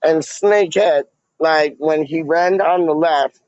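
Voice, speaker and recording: A man's voice: a little high, slow pace, darkish tone, dry recording. A man chatting casually on a livestream as a fan vlogger, rambling in slang and filling his talk with "like" and "man". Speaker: fan vlogger reading live chat. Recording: dull lo-fi audio.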